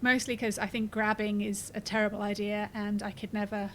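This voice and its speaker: A woman's voice: mid-range voice, flat delivery, fairly quick, fairly bright tone, slight background noise, rough recording. Chatty woman streaming a game. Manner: chatty, reads game text aloud, swears and laughs freely. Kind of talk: casual gameplay commentary.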